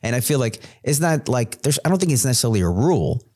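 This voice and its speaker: A man's voice: medium pitch, very animated, fast, a little mellow. A man hosting a podcast in casual chat, talking about craft with guests. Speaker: podcast host.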